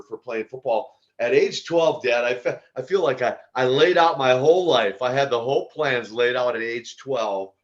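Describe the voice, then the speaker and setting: A man in his sixties, a former pro wrestler, telling stories as a podcast guest in an animated way with laughs and restarts. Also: mid-range voice. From United States. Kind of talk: casual storytelling interview. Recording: dull lo-fi audio.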